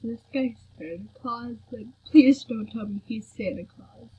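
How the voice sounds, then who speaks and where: A young woman giving casual gameplay commentary, excitable and fawning over what she sees, in a soft, breathy voice. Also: fairly high pitch, measured pace, noisy background. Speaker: gamer. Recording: dull lo-fi home recording.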